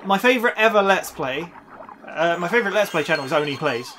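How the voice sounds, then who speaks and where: Sweary young man, bright high voice. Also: animated, quick pace, slight background noise. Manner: sweary, laughing, storytelling. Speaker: let's play co-host. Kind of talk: casual gaming chat.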